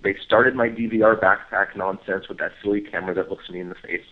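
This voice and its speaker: Man telling a story over a phone line. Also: quick pace. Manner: animated storyteller, acts out others' lines in high voice. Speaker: guest, Bigfoot researcher. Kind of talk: casual phone interview storytelling.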